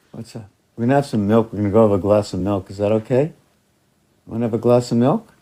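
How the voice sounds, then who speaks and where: A man's voice: medium pitch, mellow. A man in a rambling, casual monologue who talks to his cats in a raised, coaxing voice and jumps between loose ideas.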